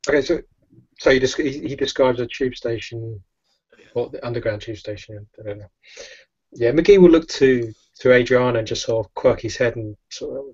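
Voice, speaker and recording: Husky guy playing a tabletop rpg, dry muffled recording. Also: mid-range voice, normal speed, darkish tone. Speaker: player. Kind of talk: narrating a tabletop game character.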